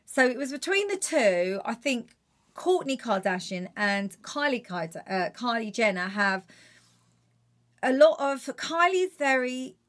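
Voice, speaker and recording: A woman's voice: fairly high pitch, big pitch swings, unhurried. A chatty, encouraging Geordie woman impressionist giving a tutorial on doing impressions.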